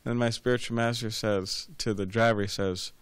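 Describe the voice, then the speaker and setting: A man's voice: on the low side, fairly even intonation, normal speed, smooth, no echo. A man giving a scripture class, rambling and repeating words with many fillers, telling anecdotes. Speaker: class speaker.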